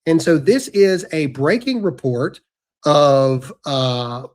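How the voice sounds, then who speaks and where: A man's voice: a little high, takes it slowly. A man hosting a podcast, talking in a brash, sarcastic, ranting way, including an ad read. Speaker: podcast host. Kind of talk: casual commentary with ad read.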